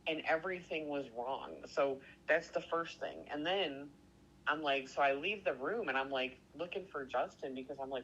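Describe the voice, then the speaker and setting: A man telling a story in casual chat, excitable and rambling, swearing constantly and stuffing every sentence with "like". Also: a little high, normal speed, muffled recording, a little hiss or hum. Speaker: podcast co-host.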